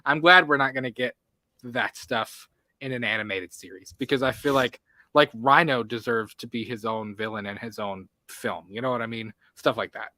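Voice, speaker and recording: A man talking through a casual movie podcast in a bright, forward voice, recorded close and dry with no room sound. He talks animatedly, piling on fillers and quick asides. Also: medium pitch, no room sound. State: has the hiccups. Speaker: podcast co-host.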